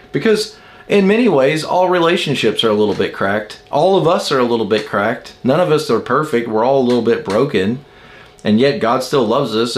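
A man's voice: medium pitch, a little hiss or hum. A man teaching the Enneagram in an informal, emphatic way, with many rhetorical questions to his viewers.

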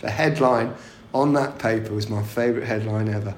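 A man's voice: fairly low pitch, steady tone, a little fast, darkish tone, a little hiss or hum. A middle-aged man, a former footballer, telling chatty anecdotes in an interview, laughing often and restarting his sentences. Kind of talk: casual interview storytelling. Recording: echoey room.

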